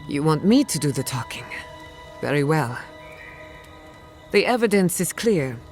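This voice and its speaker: An actor voicing a calm, measured adviser who speaks gravely in a video game. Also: mid-range voice, soft background music.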